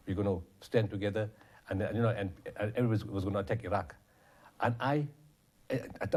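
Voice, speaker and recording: A man's voice: fairly low pitch, darkish tone. A man, a guest telling stories passionately in an interview. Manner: passionate, quotes others in dialogue. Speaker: guest, charity founder. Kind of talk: interview storytelling.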